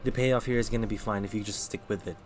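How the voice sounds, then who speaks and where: A man's voice: lowish voice, steady tone, fast, slight background noise. A man streaming live, giving casual tarot readings and chatting with viewers, thinking aloud with lots of fillers. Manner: talks to chat between readings.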